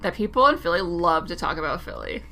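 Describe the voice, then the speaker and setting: A woman's voice: fairly low pitch, very animated, brisk, sharp tone. A woman co-hosting a casual podcast chat, laughing often and talking in loose, hedging run-on sentences. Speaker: podcast co-host.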